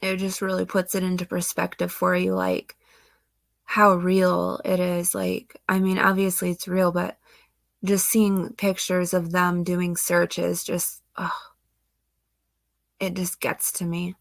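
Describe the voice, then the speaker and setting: A woman's voice: on the low side, completely flat delivery, slow pace, vocal fry, no room sound, studio quality. A young woman host, emotional and near tears, talking casually about missing-child cases. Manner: emotional, tearful, sighing, soft-spoken. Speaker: true crime channel host. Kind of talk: casual commentary on missing-child cases, reading news aloud.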